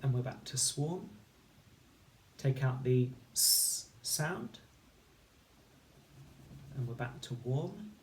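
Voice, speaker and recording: A man teaching a recorded phonics lesson, sounding out words slowly and clearly, one sound at a time. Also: mid-range voice, lively intonation. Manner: slow, clear, patient instruction with sound-by-sound segmenting. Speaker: primary school teacher.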